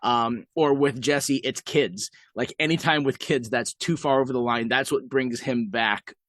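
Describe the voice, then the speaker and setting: Male podcast co-host, casual rambling chat, middle pitch, dry close sound. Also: measured pace, fairly bright tone, no echo.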